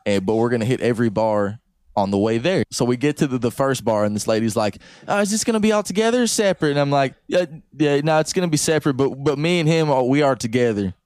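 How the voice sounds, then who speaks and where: Excitable young man, podcast co-host. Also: medium pitch, fast, no room sound, studio quality. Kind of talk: casual chat.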